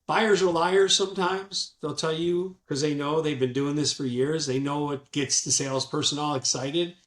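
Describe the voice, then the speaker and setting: A middle-aged man, a sales professional, telling stories from his career in an animated way and acting out the people he quotes. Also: on the high side. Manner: animated, acts out quotes from calls. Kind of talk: conversational storytelling. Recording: echoey room.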